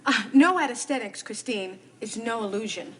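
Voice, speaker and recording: An actress playing a quick-tongued pregnant young woman in a 1970s TV soap opera, talking in a wry, sardonic way. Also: a little high, expressive, a bit bright, breathy edge. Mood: wary.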